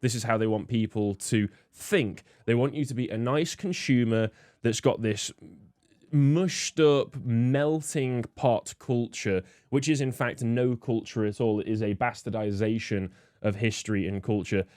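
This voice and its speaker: A man's voice: mid-range voice, a little slow, darkish tone, no echo, clean studio sound. A man hosting, giving disdainful political commentary with many fillers. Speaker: host.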